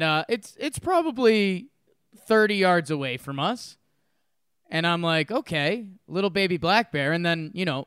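A man co-hosting a casual chat podcast, telling a story with lively acted-out quotes and frequent laughs. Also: fairly high pitch, clean tone, no room sound, clean studio sound. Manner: animated storyteller, acts out quotes, laughs often. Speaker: podcast co-host.

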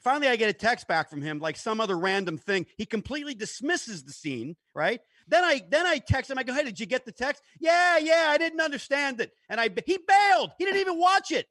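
A man's voice: very high voice, big pitch swings, a little fast, few pauses, bright, forceful tone, no echo. A man co-hosting a podcast, telling a story and growing indignant as he goes. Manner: storytelling, getting worked up and indignant. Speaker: podcast co-host. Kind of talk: casual podcast chat.

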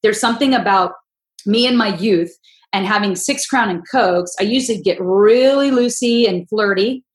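Here a female podcast host with a mid-range voice talks at a moderate pace, relaying anecdotes in a relaxed chat and performing other people's lines with lively flair. The sound is poor and roomy.

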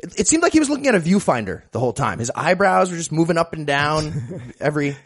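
Male guest, lively pitch, wry recaps with stumbles. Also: quick pace, breathy edge. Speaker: podcast guest. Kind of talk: casual comedic chat.

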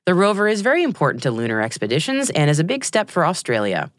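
Woman podcast host, low-ish voice, jokey and conversational, dry studio sound. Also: huge pitch swings, fast talker, no room sound. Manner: chatty, jokey asides. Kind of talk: scripted news podcast reading.

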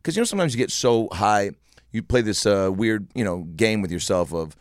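A man's voice: fairly low pitch, animated, a little fast, no room sound, studio quality. A man in his thirties co-hosting a podcast, telling jokey stories and slipping into voices. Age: 30s. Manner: joking storyteller who slips into voices. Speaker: podcast co-host. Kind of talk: casual podcast chat.

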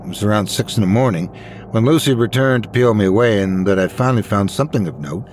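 A man telling a horror story in a dramatic, expressive scripted narration. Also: on the low side, quick pace, soft background music.

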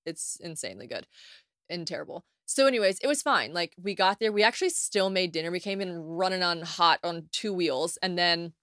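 A young woman from the United States hosting a casual solo podcast, telling stories in a chatty, animated way with plenty of swearing and acted-out quotes. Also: on the low side, fairly quick, clear, resonant tone, no echo, studio quality. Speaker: podcast host.

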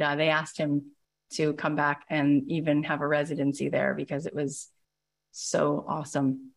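A middle-aged American woman hosting a live podcast talk, speaking with emphatic, excitable energy and acting out quoted dialogue. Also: low-pitched, vocal fry. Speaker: podcast host and business coach.

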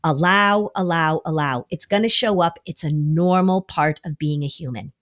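Woman chatting on a podcast, lower voice, keeps acting out nervous little quotes. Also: normal speed. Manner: lively, acts out quoted worried voices. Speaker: anxiety expert. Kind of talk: conversational podcast explanation.

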